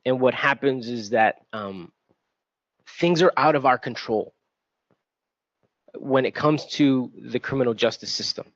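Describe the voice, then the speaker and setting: A man's voice: medium pitch, unhurried, pauses often, a bit bright, no echo, muffled recording. A middle-aged man from Texas, a school administrator, speaking on a panel in an earnest, reflective way with restarts. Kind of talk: panel talk, personal testimony. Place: event venue.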